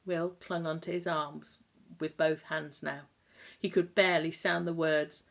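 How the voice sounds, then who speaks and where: A woman reading a novel aloud in a calm, measured way. Her voice sits notably low for a woman, steady through the narration. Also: gravelly. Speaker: audiobook narrator. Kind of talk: scripted narration.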